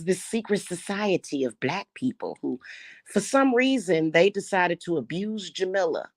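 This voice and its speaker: A woman's voice: fairly low pitch, animated, normal speed, dry recording, studio quality. A middle-aged woman ranting to camera in a vlog. She sounds heated and profane, repeats herself and often restarts her sentences. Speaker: spiritual reader and spellwork vlogger. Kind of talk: unscripted angry rant to camera.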